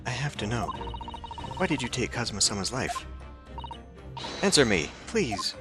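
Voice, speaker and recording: An earnest young woman assistant, read by a man in his own voice. She speaks formally and pleadingly, her pitch moving lively over game music. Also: normal speed, lightly acted. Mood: distraught.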